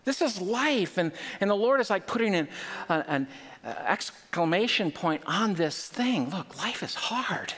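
A male pastor giving a conversational sermon, animated and full of rhetorical questions to the congregation. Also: high voice, a little slow. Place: church. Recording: reverberant hall.

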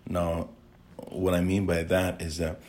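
A man's voice: deep voice, completely flat delivery, a little slow, darkish tone. A man chatting earnestly with his wife on a podcast recorded on a phone, laid back as he explains a lesson. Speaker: podcast co-host. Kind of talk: casual chat.

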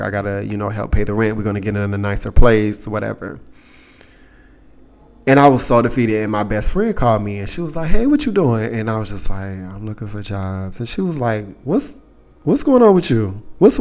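Candid, low-voiced man telling a story. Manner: candid, profane, animated when quoting others. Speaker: podcast host. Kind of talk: casual storytelling.

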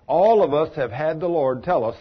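A man's voice: on the high side, expressive, normal speed, slightly rough. A man teaching an informal Bible study, folksy, asking listeners questions and calling them by name. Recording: dull lo-fi recording.

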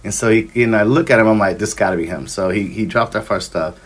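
A man's voice: on the low side, fast talker, slightly rough. Rambling thirties man telling stories. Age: 30s. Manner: rambling, filler-heavy, acts out dialogue. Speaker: podcast guest, cameraman. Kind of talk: casual storytelling chat.

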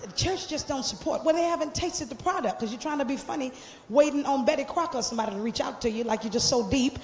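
A man preaching a sermon, shouting and joking with the congregation, then dropping low and quiet, in a church sanctuary. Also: fast talker, echoey room. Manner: joking, laughing asides in casual church slang.

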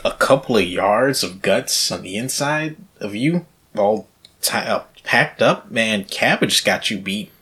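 A man co-hosting a podcast in casual chat, telling a rambling, crude story with deadpan jokes. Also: on the low side, measured pace, breathy edge. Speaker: podcast co-host.

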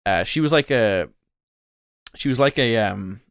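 A man's voice: medium pitch, expressive, measured pace, clean tone, no room sound, studio quality. A man co-hosting a casual podcast, rambling through a story with lots of fillers and restarts. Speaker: podcast co-host. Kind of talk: casual chat.

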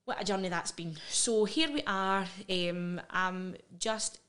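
A woman's voice: mid-range voice, fairly bright tone. Woman, Scottish accent, middle-aged, podcast guest, frank and earnest, candid interview talk. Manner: earnest, frank, quick asides and laughs.

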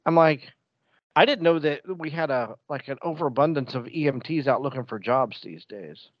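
A man chatting casually about his bus-driving job, with a medium-pitched voice and a joking, animated way of telling stories. The sound is dry and a little dull, like a lo-fi recording. He acts out what he says to others, then drops back to plain talk. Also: normal speed, no echo. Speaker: bus driver. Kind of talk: casual chat.

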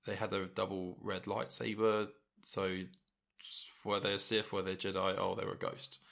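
A man's voice: deep voice, level tone, normal speed, gravelly, fairly bright tone. A man co-hosting a casual podcast, thinking aloud with hesitant, questioning talk. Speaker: podcast co-host. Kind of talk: casual chat.

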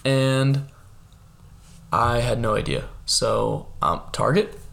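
A man's voice: takes it slowly, creaky, a bit bright. A young man competing in a casual trivia game, joking and riffing between answers. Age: young adult. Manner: joking, does mock sales pitches. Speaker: trivia contestant. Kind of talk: casual podcast banter.

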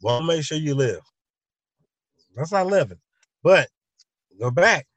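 A man with a somewhat high speaking voice hosts his own show and riffs through a long comic monologue. He circles back, repeats himself and keeps acting out both sides of imagined exchanges. The recording is dry and close, with no room sound. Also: lively intonation, unhurried, no room sound. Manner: loose, repetitive storytelling with many restarts. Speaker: show host.

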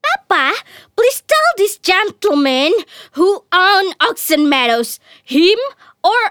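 A woman acts out a proud young lady in a stage comedy who argues over land. Her voice is very high, bright and sharp. She speaks slowly and deliberately, with faint music behind her. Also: very animated, exaggerated voice. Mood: indignant. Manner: shrill, insistent, shouting back. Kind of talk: amateur stage play reading.

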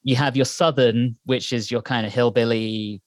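A man's voice: medium pitch, steady tone, moderate pace, no room sound, studio quality. A man from Britain co-hosting a podcast, chatting casually in a thoughtful, digressive way. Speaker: podcast co-host and editor. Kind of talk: casual chat.

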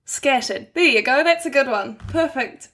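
A woman's voice: high-pitched, expressive, normal speed, fairly bright tone. A woman, a giggly, self-deprecating podcast guest in casual chat.

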